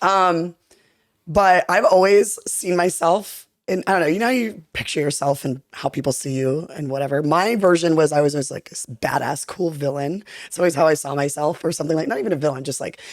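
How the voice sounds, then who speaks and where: Playful woman telling quick stories. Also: low voice, no echo, studio quality. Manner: playful, animated storytelling with put-on voices. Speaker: podcast guest. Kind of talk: casual chat.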